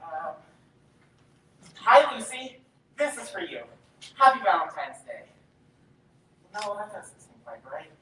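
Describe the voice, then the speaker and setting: A woman's voice: mid-range voice, big pitch swings, takes it slowly, pauses often, noisy background. A young woman playing a nervous, self-doubting young boy in a stage musical, talking and singing to himself, recorded from far off in a school auditorium. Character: anxious, hopeful young boy, eternal underdog. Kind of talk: stage musical theater acting. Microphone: distant, recorded from the audience. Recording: echoey hall from far off with music.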